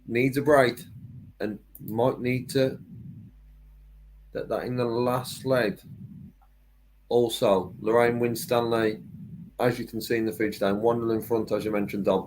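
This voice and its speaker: A man's voice: on the low side, darkish tone, slight background noise, poor audio. Chatty male darts commentator. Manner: chatty, laughs easily, joking. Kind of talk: live sports commentary.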